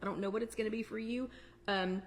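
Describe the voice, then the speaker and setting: A woman's voice: medium pitch, fairly even intonation, fast, a little hiss or hum. A woman hosting a casual live-stream chat, talking in a chatty, digressive way and answering viewers' comments. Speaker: host of a weight-loss support chat.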